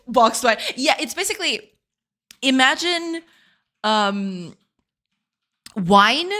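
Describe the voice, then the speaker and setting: Woman, game dev streamer, casual chat, very animated pitch, frequent laughter, halting repeats. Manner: laughs often and reacts warmly to chat; halting, repeats words while searching for them. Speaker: game developer streaming live.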